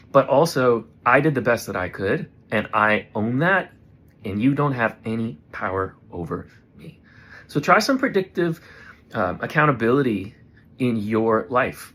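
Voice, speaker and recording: Earnest guy doing a motivational talk to his camera, reflective, coaching himself. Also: mid-range voice. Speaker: vlogger. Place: indoors in front of a camera.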